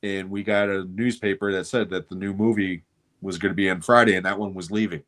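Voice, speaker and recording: A middle-aged man telling a story on a podcast, animated and swearing freely. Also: deep voice, a little fast. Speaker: podcast co-host. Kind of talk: casual chat, storytelling.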